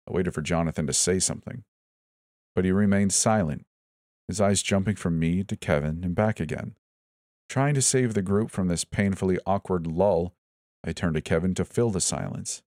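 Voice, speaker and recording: A man reads a first-person horror story in a very deep voice, steady and even. The recording is close and dry, without room sound. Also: normal speed, no echo. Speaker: narrator.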